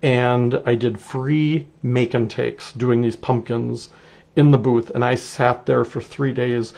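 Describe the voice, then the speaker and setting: A middle-aged man with a Wisconsin accent walks through a clay project step by step. His voice has a gravelly edge, and he talks in a relaxed, chatty way as he works. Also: mid-range voice, slow. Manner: relaxed, chatty, explains while working. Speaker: clay artist teaching a technique. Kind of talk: casual live demonstration.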